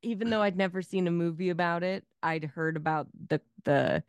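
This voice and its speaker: A woman's voice: lowish voice, fairly quick, clear, resonant tone, dry recording. A woman co-hosting a podcast in casual chat, swearing freely and joking sarcastically. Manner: swears a lot, animated and sarcastic. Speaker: podcast co-host.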